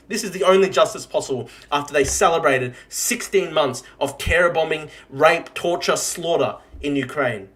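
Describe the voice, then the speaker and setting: A young man hosts an angry political livestream, ranting heatedly, swearing, and repeating phrases for emphasis. His voice is a little high with a fairly bright tone, and he speaks at a moderate pace with few pauses.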